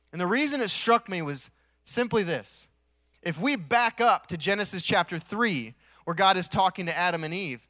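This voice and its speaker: A man preaching a sermon in a conversational way, swelling to emphatic peaks and dropping to quiet asides, with touches of humor. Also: a little high, no room sound, studio quality. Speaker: pastor.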